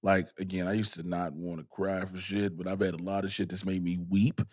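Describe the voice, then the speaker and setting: A man's voice: deep voice, little pitch movement, fairly quick, a little mellow. A man guesting on a podcast, chatting casually in a candid, emphatic way and repeating phrases for effect.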